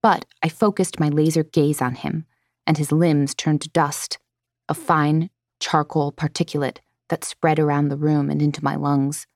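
Low-voiced woman reading an audiobook. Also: little pitch movement, normal speed, darkish tone, dry recording, clean studio sound. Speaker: audiobook narrator. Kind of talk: first-person audiobook narration.

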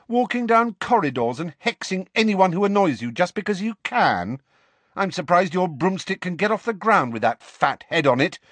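A man's voice: sits high, a bit bright, dry recording, pitched above the performer's own voice. A man voicing a proud, furious teenage girl in an audiobook, speaking in a scornful, cutting way. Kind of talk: audiobook character reading.

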